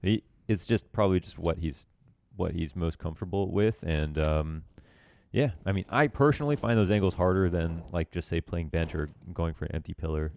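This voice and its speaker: A man's voice: deep voice, moderate pace, gravelly, darkish tone. A man coaching viewers through a recorded match, talking in a loose, chatty way with lots of filler words and some self-mocking asides. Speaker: esports coach reviewing a match demo. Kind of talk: casual game analysis commentary.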